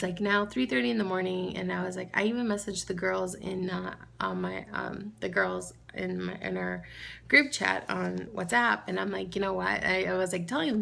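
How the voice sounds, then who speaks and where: A woman with a New York accent, vlogging and telling a story in a chatty, animated way, quoting herself in a raised voice. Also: mid-range voice, creaky, a little hiss or hum. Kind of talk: casual storytelling vlog.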